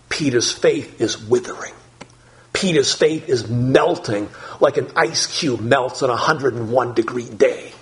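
A male pastor preaching a sermon in an animated, emphatic manner, dropping low and soft for prayer.

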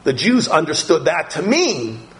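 A middle-aged man preaches a sermon, walking his listeners through scripture. His voice sits a little high, and his delivery is slow and deliberate, full of pauses and small fillers. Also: sing-song, fairly bright tone, low-quality recording. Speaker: pastor.

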